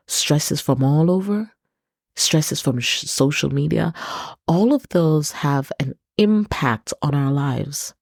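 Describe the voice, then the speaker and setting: Woman host, low voice, slow and earnest, leans on repeated words, dry close mic. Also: a little mellow, dry recording. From Britain. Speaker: podcast host. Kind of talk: personal reflective monologue.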